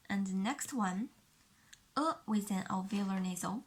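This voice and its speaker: A woman whose first language is Mandarin Chinese speaks with a Chinese accent and a mid-range voice as she teaches a pinyin lesson. She explains each sound slowly and carefully, then repeats it for the learner.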